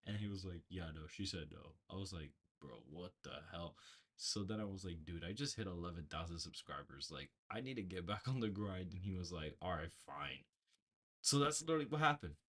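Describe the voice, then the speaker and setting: Broadcasting a political livestream from a bedroom, this male host talks loosely and wanders through a story with many false starts. His voice is on the low side with a breathy edge.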